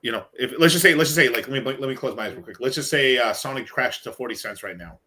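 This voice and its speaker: A man hosting a casual crypto podcast, talking in an animated, slangy way. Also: medium pitch, fast. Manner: animated, slangy, laughing often. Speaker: podcast host.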